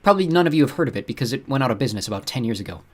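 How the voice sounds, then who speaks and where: A man reading an audiobook, voicing a guarded adult woman who speaks softly and cautiously. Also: medium pitch, expressive, rapid-fire, lightly acted. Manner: soft, cautious and earnest. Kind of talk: audiobook narration.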